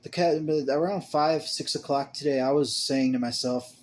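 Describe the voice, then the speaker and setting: A man's voice: mid-range voice, slight background noise. Stammering young man, rambling confession. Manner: halting, stammering, many restarts and repeated words; emotional, confessional, swings between mumbling and loud bursts. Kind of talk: rambling personal monologue to camera.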